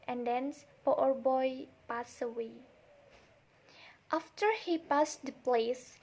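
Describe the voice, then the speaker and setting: A young woman student retelling a folk tale for a literature test, halting, with many restarts and repeated words. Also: sits high, a little mellow.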